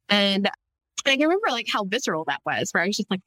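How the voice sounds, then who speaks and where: A woman's voice: medium pitch, lively intonation, fast, bright, forceful tone, no room sound, low-quality recording. A woman giving a radio interview as an author, speaking candidly and filling her sentences with "like" and "right?". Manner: candid, fills speech with "like" and "right?".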